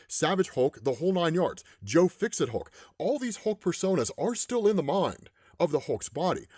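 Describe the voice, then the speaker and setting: A man recapping a comic story in casual commentary, animated and often tagging lines with "right?". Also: fairly high pitch, breathy edge, no room sound, clean studio sound. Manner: animated, keeps adding "right?". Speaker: comics explainer.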